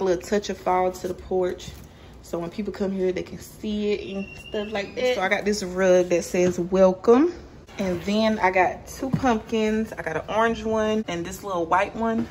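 A woman's voice: medium pitch, reverberant, slight background noise. A woman, chatting casually to her viewers at home in a vlog, often calling them y'all. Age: 20s. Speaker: vlogger. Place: home, porch and kitchen.

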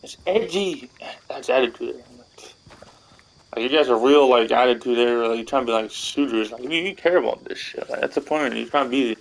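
Vlogger, male, fried gravelly voice, crude and dismissive. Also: mid-range voice, fairly even intonation, fairly quick, low-quality recording. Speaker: gaming and wrestling vlogger. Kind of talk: profane rant to camera.

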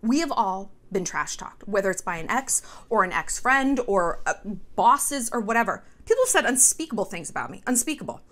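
A woman hosting a casual commentary video, sarcastic and profane, tossing in quick mock voices. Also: medium pitch, very animated, fairly bright tone. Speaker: commentary host.

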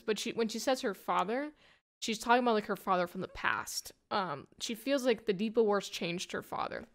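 A woman's voice: medium pitch, expressive, moderate pace. A woman giving a casual, rambling plot summary of a comic, full of "like" and "you know". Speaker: comic book reviewer.

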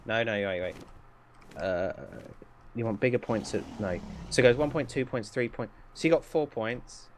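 A man's voice: medium pitch, moderate pace, slight background noise. A young man, trash-talking and joking in casual gaming banter. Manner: teasing, trash-talking, excitable. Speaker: gaming YouTuber.

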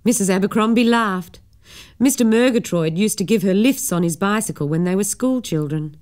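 A woman narrating a children's story in an expressive reading voice. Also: medium pitch, normal speed.

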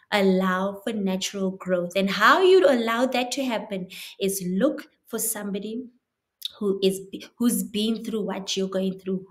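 A woman hosting a motivational talk, emphatic and coaching, often checking in with "right?". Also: mid-range voice. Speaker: motivational host.

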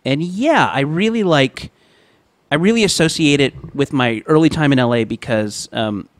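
A man appearing as a guest on a casual comedy podcast, talking in a halting way with many pauses and restarts. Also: a little high, animated, no room sound. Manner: hesitant, lots of filler and restarts.

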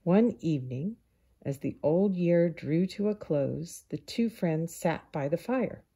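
A woman reading a children's picture book aloud in a calm, unhurried storyteller manner. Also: on the low side, breathy edge.

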